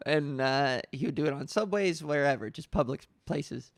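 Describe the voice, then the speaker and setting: A young woman hosting a podcast, telling stories in a casual, animated way with lots of fillers. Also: low voice, moderate pace, no room sound, studio quality. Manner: animated storytelling with frequent laughs and fillers. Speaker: podcast host. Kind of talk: casual chat.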